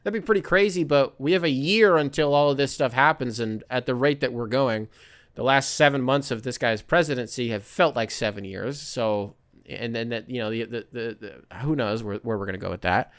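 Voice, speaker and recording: A man's voice: medium pitch, moderate pace. A man hosting a podcast alone, ranting casually with profanity and sarcastic impressions. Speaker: podcast host. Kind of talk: casual solo rant.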